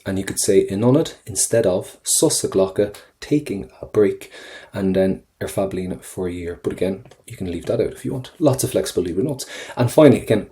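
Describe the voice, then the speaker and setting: A man teaching an exam-prep lesson over a screen recording, chatty and encouraging, repeating phrases slowly for learners. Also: fairly low pitch, dark tone. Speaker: Irish language tutor.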